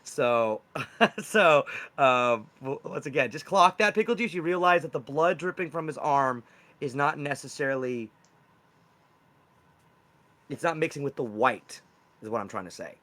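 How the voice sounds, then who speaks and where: A man's voice: fairly high pitch, expressive, a little slow, pauses often, sharp tone. A young man running a tabletop game as game master, explaining loosely and rambling with fillers.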